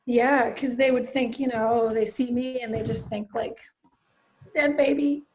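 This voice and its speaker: A middle-aged woman from Nova Scotia, a writer speaking as a guest, telling a personal story in an earnest, reflective way that often drops into soft asides. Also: on the high side, level tone, moderate pace. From Nova Scotia, Canada.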